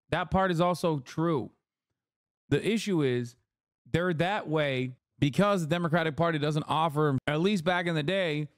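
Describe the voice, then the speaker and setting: A man ranting over news clips in a dry, close-sounding voice pitched a little high. He mocks what he hears with sarcasm, profanity and put-on voices, loose and conversational. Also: no room sound. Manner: sarcastic, mocking rant with put-on quoted voices. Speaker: streamer reacting to news clips. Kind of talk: casual profane commentary.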